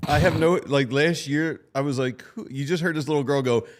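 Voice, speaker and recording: A man's voice: on the high side, brisk. A man co-hosting a casual sports talk show, telling jokey stories and laughing often. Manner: joking storyteller, laughs often.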